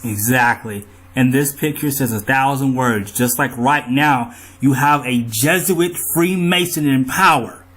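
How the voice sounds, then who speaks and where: A man's voice: medium pitch, unhurried, few pauses, a bit bright, soft background music. A man in an angry monologue to his viewers, riled up, profane and ranting. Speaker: vlogger.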